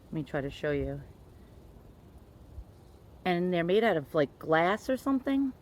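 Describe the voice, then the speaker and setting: A woman with a New York accent talks in a casual, rambling way, full of "like" and "um". Her voice sits a little low. She films herself on a handheld phone, first outdoors and then at home. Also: sing-song, measured pace. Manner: chatty, hesitant, many fillers. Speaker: collector showing a teddy bear. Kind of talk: casual show-and-tell vlog.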